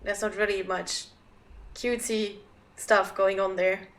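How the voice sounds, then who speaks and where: Bright-voiced woman streamer in her thirties. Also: mid-range voice, level tone, a little slow. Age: 30s. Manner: rambling, self-deprecating, chatty. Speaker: game streamer. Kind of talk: casual livestream chat.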